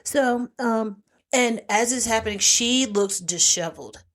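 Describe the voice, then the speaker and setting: A woman's voice: a little high, unhurried. Chatty woman retelling a movie plot. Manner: animated storytelling, acts out characters' lines. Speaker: podcast co-host. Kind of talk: casual chat recapping a movie.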